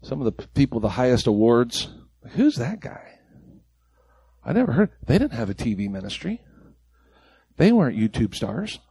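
A man's voice: medium pitch, sing-song, normal speed, pauses often, warm tone, breathy edge, dry recording. A man preaching a sermon to his church congregation, emphatic and impassioned, firing off rhetorical questions. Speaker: pastor. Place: church service before a congregation.

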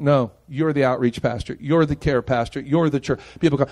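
A male pastor preaching a sermon with passion, moving between raised, urgent lines and quiet, hushed ones. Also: medium pitch, steady tone, fast talker, hardly any pauses. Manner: impassioned preaching, swinging between loud and hushed.

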